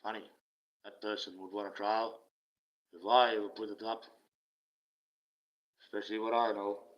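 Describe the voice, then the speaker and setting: This livestream host, with a fairly low pitch and flat delivery, rants casually at normal speed. He is profane and sarcastic, swinging from loud outbursts to mutters. The audio is dull lo-fi.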